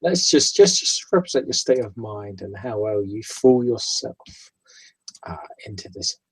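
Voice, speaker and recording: A man narrating a tabletop horror game as game master, in a halting way, repeating words and dropping low for dread. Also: sing-song, husky, rough recording.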